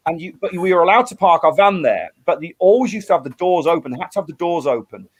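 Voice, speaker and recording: Middle-aged male musician guest, slightly high-pitched, animated storyteller with restarts. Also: fast talker, husky. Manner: animated storyteller, acts out quotes, many restarts. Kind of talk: storytelling in a casual interview.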